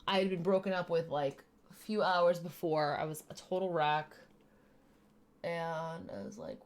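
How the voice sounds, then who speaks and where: Lowish-voiced woman doing her makeup on stream, talking through every step. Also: fairly even intonation, measured pace. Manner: chatty, explains steps while working. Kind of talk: casual makeup tutorial chat.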